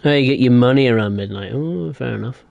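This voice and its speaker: A man's voice: mid-range voice, fast, gravelly, darkish tone, no room sound, lo-fi sound. A young man live-streaming a train game, chatting casually and answering viewers in a rambling way. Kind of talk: live gameplay commentary.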